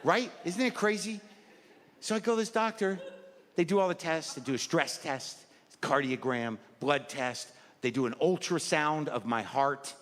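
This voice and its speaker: A man's voice: fairly high pitch, moderate pace, a bit bright. A man in his fifties performing a rambling, self-deprecating stand-up routine, acting out his inner voices. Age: 50s. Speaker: stand-up comedian. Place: comedy stage before a live audience. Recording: live stage mic in a large hall, audience noise.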